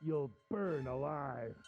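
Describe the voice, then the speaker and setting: A man's voice: on the high side, expressive, drawn-out words, highs cut off, loud music behind the voice, voice pushed up, full character voice. A man voicing a cruel, mocking male villain who taunts his captive in a theatrical way. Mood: gloating, mocking.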